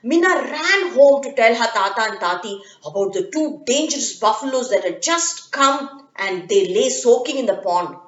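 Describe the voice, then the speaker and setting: A woman reading a children's story in an expressive, dramatic way. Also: fairly high pitch, normal speed, hardly any pauses. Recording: echoey, dull lo-fi room.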